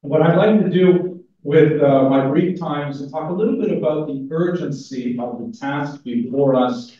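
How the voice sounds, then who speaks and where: A man's voice: a little high, normal speed, mellow. A man speaking at a conference, giving a casual lecture full of fillers and restarts. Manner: casual, self-interrupting, with fillers. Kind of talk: academic lecture with humor. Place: large conference hall. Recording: echoey hall from far off, dull sound.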